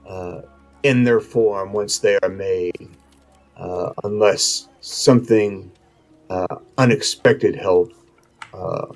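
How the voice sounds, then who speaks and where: A man doing a gracious old lizard enchanter. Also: lowish voice. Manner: courteous, formal speech. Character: elderly male lizard-folk enchanter, gracious.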